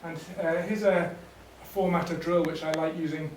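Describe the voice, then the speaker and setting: A man leading a teacher workshop, explaining teaching ideas in a relaxed way with fillers and restarts. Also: fairly high pitch, normal speed, slight background noise. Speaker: workshop trainer. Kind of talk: teacher training talk. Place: workshop room. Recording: echoey room, distant mic.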